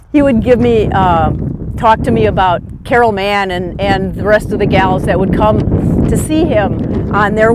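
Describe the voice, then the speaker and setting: A middle-aged woman golf pro telling personal stories at a teaching seminar, emotional and laughing often. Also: on the high side. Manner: emotional, laughs often, slow reflective pace. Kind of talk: personal anecdotal presentation. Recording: noisy outdoor recording.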